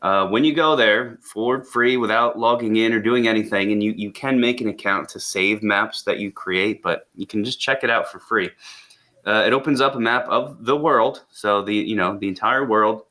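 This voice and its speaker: Enthusiastic male podcast co-host, lowish bright voice, casual chat. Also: moderate pace. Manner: enthusiastic, eager, with repeated words. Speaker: podcast co-host reviewing education tech tools.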